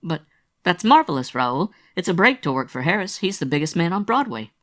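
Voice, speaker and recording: A man's voice: fairly high pitch, big pitch swings, fairly quick, fairly bright tone, pitched above the performer's own voice. A man voicing an earnest young woman who is apologetic and reassuring in an audiobook reading.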